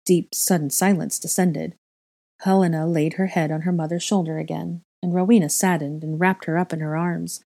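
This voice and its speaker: A woman reading fiction aloud in a calm, steady narrating style. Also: on the low side, moderate pace, vocal fry. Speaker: reader.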